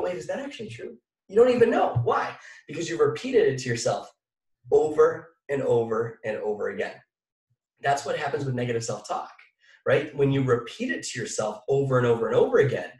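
A man delivers an energetic motivational talk, repeating key lines and questioning his audience. His voice sits on the high side. The sound is echoey and distant from the mic. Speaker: motivational speaker on a team call.

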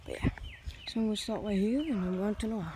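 A woman's voice: mid-range voice, animated, quick pace, dark tone. A woman vlogging on a walk outdoors. She rambles playfully and breaks into silly sound effects and singsong noises. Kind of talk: casual walking vlog. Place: outdoors on a walk through town. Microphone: handheld phone camera. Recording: phone video with clear outdoor background noise.

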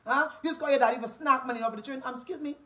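High-pitched Bahamian woman ranting. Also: very fast, pushed and bright. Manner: profane, repetitive, confrontational. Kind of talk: angry ranting monologue.

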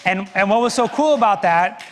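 A middle-aged man preaches from the pulpit, spinning a story with self-deprecating humor. His voice sits a little high for a man. A long church reverb trails his words. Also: expressive, moderate pace, a little hiss or hum. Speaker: pastor. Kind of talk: sermon. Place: church sanctuary.

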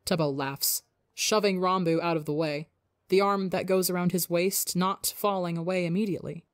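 A woman reading a fan fiction story aloud as the narrator, in a calm, steady voice. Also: lowish voice, moderate pace, dry recording, studio quality. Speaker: audiobook narrator.

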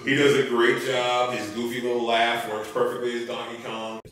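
A man co-hosting a casual podcast, reviewing a film in a rambling, animated way full of fillers. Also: mid-range voice, normal speed. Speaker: podcast co-host. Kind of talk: casual movie review chat. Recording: echoey room, mic at a distance.

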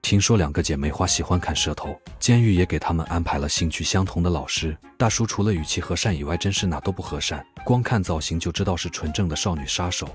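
Fast low-voiced male narrator, wry. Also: faint music behind. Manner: wry, mocking. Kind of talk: fast scripted commentary voice-over.

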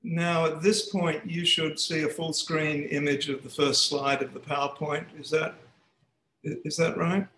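A man gives a seminar talk over a video call, working through his points with plenty of restarts. His voice sits fairly high. The sound is roomy and echoey. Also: little pitch movement, measured pace, background noise. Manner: hesitant, with frequent restarts. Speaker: guest speaker. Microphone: computer mic on a video call.

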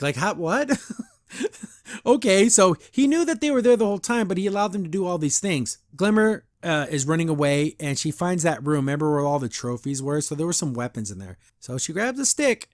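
Male podcast host, higher voice, dry close sound, sarcastic ranting recap. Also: sing-song, fairly quick, no room sound. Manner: exasperated, sarcastic, laughs often, mimics characters in mocking voices. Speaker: podcast host reviewing a cartoon episode. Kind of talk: casual recap and rant.

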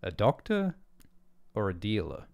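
A weary, sleepless young man who talks hesitantly and reluctantly, as a man reads him out. The voice is deep and unhurried. It sits in a read-aloud story. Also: wildly swooping pitch, creaky, heavily acted. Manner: hesitant, tired.

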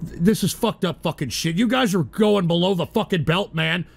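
A man hosting a live talk show, ranting angrily with profane, shouted outbursts and a habit of saying "all right". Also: high-pitched, normal speed, vocal fry, husky, dry recording. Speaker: radio show host. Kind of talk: angry live-stream rant.

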